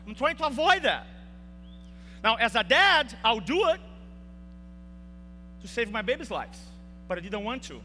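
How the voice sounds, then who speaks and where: Young guy giving a speech, super bright voice, faint hum behind. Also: very high voice, very animated, a little slow, pauses often. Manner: emotional storytelling with acted quotes. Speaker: speaker. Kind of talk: motivational speech. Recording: reverberant hall with faint hum.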